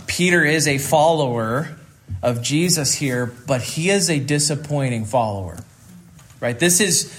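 Male pastor, earnest sermon, slightly high voice, repeats phrases for emphasis. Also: a bit bright. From rural Kansas.

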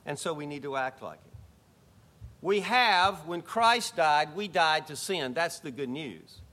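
Bright-voiced emphatic male preacher. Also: animated, measured pace. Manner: emphatic preaching, rising to exclamations then dropping to low asides. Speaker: pastor. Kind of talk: sermon.

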